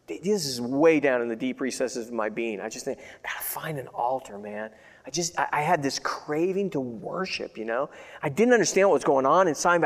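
A man preaching a sermon as a pastor, talking in a conversational, earnest way, repeating himself and swinging between loud declarations and hushed remembering. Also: mid-range voice. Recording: hall with long reverb.

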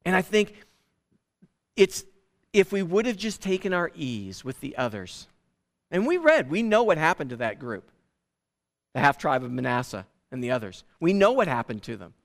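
A man preaching a sermon from the pulpit in a lively, conversational way. His voice sits high for a man, and he often restarts his sentences as he goes. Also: normal speed, gravelly, pauses often. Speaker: pastor.

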